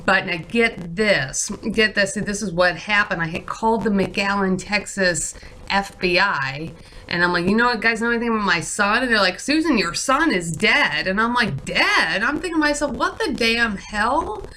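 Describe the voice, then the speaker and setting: A woman telling an indignant story to camera in a casual vlog, acting out what others said in animated bursts. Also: mid-range voice, moderate pace, a little hiss or hum, low-quality recording. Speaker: vlogger.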